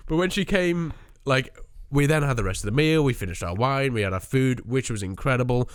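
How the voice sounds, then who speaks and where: A man's voice: mid-range voice, lively intonation, a little fast, clean tone. Young man telling stories. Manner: rambling storyteller, swears, mimics people. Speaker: podcast co-host. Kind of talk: casual chat.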